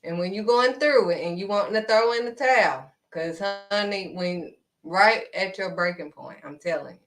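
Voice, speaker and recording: A woman preaching in a livestream sermon, animated and calling listeners honey. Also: mid-range voice, moderate pace.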